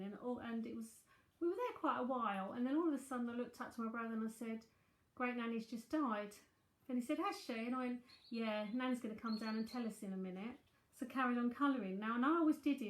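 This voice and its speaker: A woman in her forties with a South London accent, giving a live psychic reading and chatting breezily with viewers, full of asides and fillers. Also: fairly high pitch. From South London, England. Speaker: psychic medium and tarot reader. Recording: echoey room.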